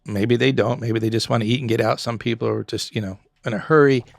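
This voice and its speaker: A middle-aged man and former pub owner chatting on a podcast, an animated storyteller who acts out customers and staff in quick little voices. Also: medium pitch, creaky, no echo. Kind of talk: casual podcast conversation.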